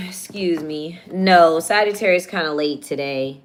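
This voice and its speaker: A young woman doing a casual, chatty live tarot reading, slangy and quick to laugh. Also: lowish voice, a little hiss or hum. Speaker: tarot reader.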